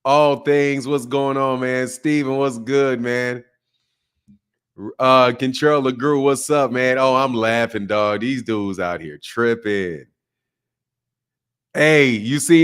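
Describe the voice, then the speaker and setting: Slow and clean-toned, a mid-range male voice hosts a laid-back boxing livestream. He names chatters as he greets them, laughing, swearing and teasing in slangy, mocking talk.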